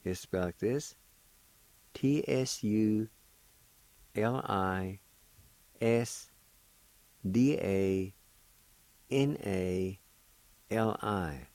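A man with a low, warm voice teaches a language lesson on the radio, speaking very slowly and deliberately. He spells each word out one letter at a time with long pauses, then encourages listeners to practice. The sound is dry and close. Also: no room sound. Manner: slow, patient, spells words letter by letter.

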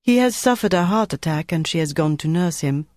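A man voicing a poised young woman agent in an audiobook, calm and composed. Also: fairly high pitch, a little fast, dry recording, clean studio sound, lightly acted.

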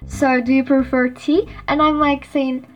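A woman's voice: high-pitched, level tone, a little slow, soft background music. A woman reading scripted podcast dialogue, nervous and apologetic, laughing at her own slips. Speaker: guest on podcast.

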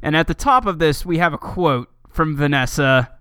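A man's voice: fairly high pitch, animated, moderate pace, a bit bright, clean tone, dry recording, clean studio sound. A man co-hosting a casual podcast, reading fan writing aloud with sarcastic, profane commentary. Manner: sarcastic, swears often, laughs at the text.

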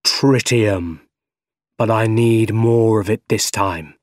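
A man voicing a menacing male mad scientist with mechanical arms, in a slow, low, deliberate voice. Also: a little mellow, no echo, clean studio sound.

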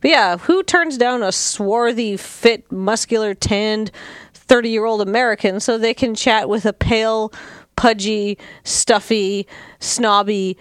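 A woman's voice: a little high, takes it slowly, smooth, no echo. A woman co-hosting a podcast who recaps a TV episode with wry, dry-witted quips. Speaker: podcast co-host. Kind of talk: casual chat recapping a TV episode.

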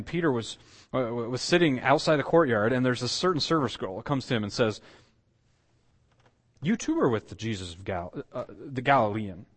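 Guy preaching, storytelling style, lots of uhs and restarts. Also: mid-range voice. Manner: storytelling with acted quotes and asides, frequent fillers and restarts. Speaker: pastor. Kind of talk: sermon.

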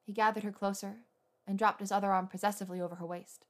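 A woman reader narrating a romance story in a steady, intimate way. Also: mid-range voice, quick pace. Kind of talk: scripted fan fiction narration.

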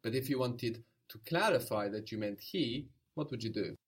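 A man's voice: mid-range voice, lively intonation, normal speed, husky. A man teaching a language lesson, patiently prompting, repeating answers and explaining where words come from.

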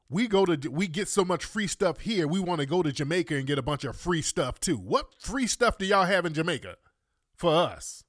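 A man's voice: a little high, lively intonation, normal speed, a bit bright, no room sound, studio quality. A man hosting a podcast, commenting on a played clip in an indignant, mocking way with repeated rhetorical questions. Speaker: podcast host.

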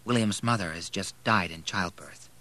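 A man plays a composed young man speaking softly and gently. His bright voice sits low and hushed. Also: moderate pace. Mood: quiet. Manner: speaks quietly. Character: calm young male schoolboy friend.

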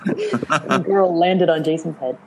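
A woman's voice: fairly low pitch, slow pace, a little hiss or hum, low-quality recording. A woman bantering wryly with friends while playing a video game. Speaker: gamer. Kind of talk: casual let's-play banter.

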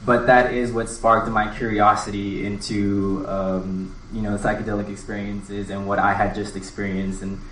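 A man telling a personal story live at an event, earnest and halting, often restarting his words. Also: lowish voice, little pitch movement, a bit bright, slight background noise. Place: live event space with an audience. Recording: roomy, distant mic with faint ambience.

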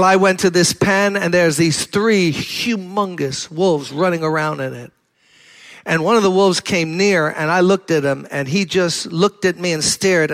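An older man from Brooklyn preaches, telling a story in a relaxed, conversational way before pressing his point hard. His voice sits high for a man and rings bright and clear. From Brooklyn, New York. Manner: storytelling, conversational preaching that builds to emphatic exhortation. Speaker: pastor. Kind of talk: sermon.

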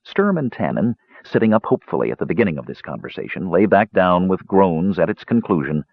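Husky-voiced male audiobook narrator. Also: sits low, no room sound. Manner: expressive, measured reading. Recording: dull lo-fi recording.

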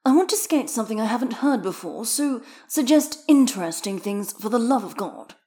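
A bossy, sharp-tongued young man who always has the last word, as a woman reads him in a fan audiobook. His lines sit high and swing lively, clipped and dry. He scolds and directs without pausing. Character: sharp-tongued young male figure skater.

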